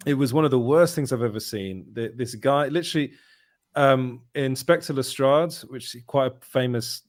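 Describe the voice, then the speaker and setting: A man's voice: medium pitch, moderate pace, dry recording, studio quality. A man, telling a rambling anecdote in casual chat, often correcting himself. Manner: rambling, self-correcting storyteller with laughs. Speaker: podcast host.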